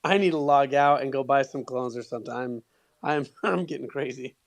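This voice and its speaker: A man in a casual chat, giggly and quick with jokey asides. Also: medium pitch, dry recording.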